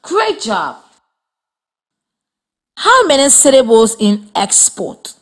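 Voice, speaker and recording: A woman teaching a children's reading lesson on radio in a slow, clear, instructive way. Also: fairly high pitch, big pitch swings. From Liberia.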